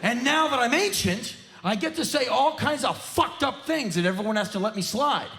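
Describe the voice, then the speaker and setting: Intense ranting man, lively swoops. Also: extremely high pitch, normal speed, faint music behind. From United States. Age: 40s. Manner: intense, ranting, bursts into shouts. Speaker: spoken word performer. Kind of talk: live spoken word comedy rant. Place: theater stage.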